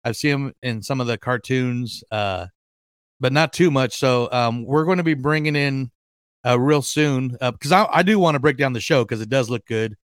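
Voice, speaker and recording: Smooth-voiced excitable male podcast host. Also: medium pitch, moderate pace, dry recording, clean studio sound. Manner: excitable, rambling with many fillers and restarts. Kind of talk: casual chat.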